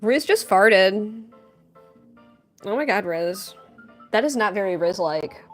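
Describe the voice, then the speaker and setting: Lively, playful woman chatting on stream. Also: mid-range voice, slow, faint music behind. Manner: playful, chatty, reads and answers chat. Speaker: live-streaming artist. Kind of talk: casual live-stream chat while drawing.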